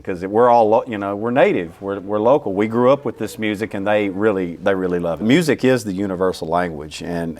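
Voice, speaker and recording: A man with a Southern accent and a fairly low voice, talking as a guest in a casual interview. He stumbles and repeats words as he goes, and his tone stays humble and thankful. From Louisiana, United States. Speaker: orchestra CEO, interview guest.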